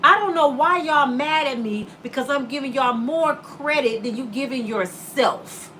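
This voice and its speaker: A woman's voice: sits high, unhurried, sharp tone, slight background noise. A woman in her fifties who hosts her own vlog and delivers a sassy, preachy comedic rant straight at her viewers. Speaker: vlogger host.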